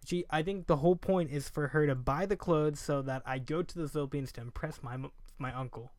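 A man's voice: a little high, fairly quick. A young man co-hosting a podcast, talking in a laid-back way full of "dude" and "like". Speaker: podcast co-host. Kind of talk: casual chat.

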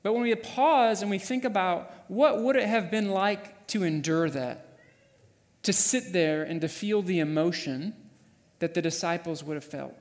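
Guy preaching a sermon, high voice, goes quiet then loud storytelling, lots of reverb from the hall. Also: unhurried. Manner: vivid storytelling, swings from hushed to loud. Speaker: pastor. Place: church sanctuary.

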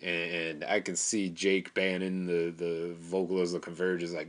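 Lowish, rambling, foul-mouthed male storyteller. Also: level tone, moderate pace, hardly any pauses. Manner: rambling, profane, full of fillers and restarts. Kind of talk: casual spoken storytelling.

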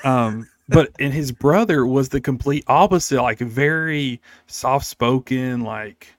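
A man's voice: mid-range voice, takes it slowly, no echo, studio quality. A young man, co-host of a gaming podcast, telling a story in casual chat and laughing often.

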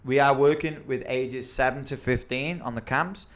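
A man's voice: mid-range voice, steady tone, moderate pace. A man hosting a casual podcast as a football coach, talking eagerly and promoting his camps.

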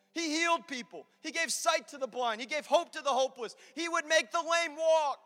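A male pastor preaching an impassioned sermon to a congregation in church, building to loud, emphatic repetitions. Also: very high-pitched, moderate pace. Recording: long hall reverb with music behind.

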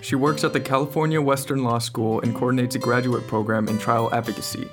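A man hosting a podcast, reading a brisk, friendly scripted introduction. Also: medium pitch, flat delivery. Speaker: podcast host. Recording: guitar music underneath. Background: guitar music.

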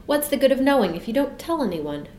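A woman's voice: animated, normal speed, darkish tone, roomy sound, slight background noise, natural voice. A woman voicing a curious little boy who speaks eagerly in a raised voice. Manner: eager, pleading, high-pitched.

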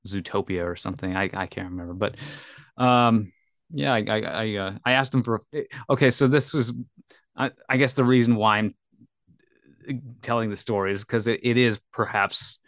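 A man's voice: lowish voice, moderate pace, fairly bright tone, no room sound, studio quality. A man co-hosting a casual podcast, telling a story in a rambling way with lots of fillers. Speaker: podcast co-host. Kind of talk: casual chat.

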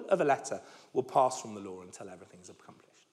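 A man with a medium-pitched voice preaches a sermon at a quick pace, emphatic and animated. He often restarts words, and his voice softens at the ends of phrases.

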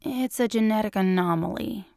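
A woman puts on a sheepish male agent, mopey and unsure of himself. He speaks hesitantly, softer and slower than her narration. The sound is dry and close. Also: mid-range voice, gravelly, no echo, natural voice.

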